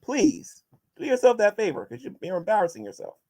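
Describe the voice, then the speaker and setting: A man's voice: high voice, huge pitch swings, fairly quick, a little mellow. A man vlogging as he answers viewer questions and combatively addresses his critics, often restarting his sentences. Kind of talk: casual vlog monologue.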